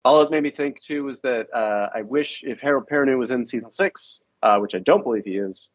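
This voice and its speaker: A man co-hosting a podcast in casual, expressive chat. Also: medium pitch, brisk, no room sound, muffled recording. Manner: expressive, chatty, lots of fillers. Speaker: podcast co-host.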